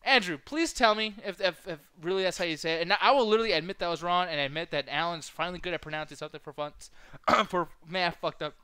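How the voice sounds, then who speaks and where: A man's voice: high-pitched, fast, pushed and bright, smooth, no echo. A man co-hosting a casual livestream, reading chat, swearing and laughing often as he teases his friends.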